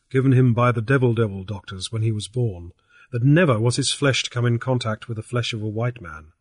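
A man reads a novel aloud in a measured, even storytelling manner. His voice is mid-pitched and slightly husky. The sound is dry and close, with no room around it. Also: no room sound. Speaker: audiobook narrator. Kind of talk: scripted narration.

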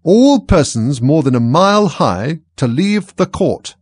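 A man's voice: a little high, very animated, unhurried, husky, no echo, clean studio sound, pitched above the performer's own voice, full character voice. A man voicing a fussy, flustered king who makes grave, pompous pronouncements at a trial. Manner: pompous, grave, raised proclamations.

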